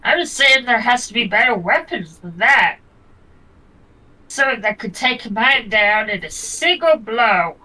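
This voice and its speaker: A woman voicing a tired male reporter in a game with slow, dry, deadpan delivery, a bit away from the mic with music behind. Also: a little high, far from the mic, low-quality recording.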